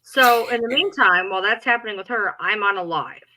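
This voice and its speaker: A woman's voice: medium pitch, brisk, sharp tone, rough recording. A woman co-hosting a live stream, bluntly and profanely complaining about an online rival. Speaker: livestream co-host. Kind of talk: casual storytelling on a live stream.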